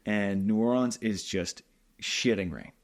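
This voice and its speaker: A man hosting a podcast, chatting in a relaxed, conversational way and sharing his own stories. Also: lowish voice, measured pace. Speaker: podcast host, reporter. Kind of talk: casual conversation.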